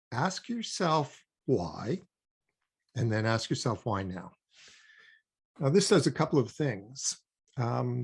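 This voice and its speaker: An older man from Canada, a guest expert on child development, explaining at a measured pace with frequent ums and emphatic points. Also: mid-range voice, vocal fry, breathy edge. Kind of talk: conversational explaining.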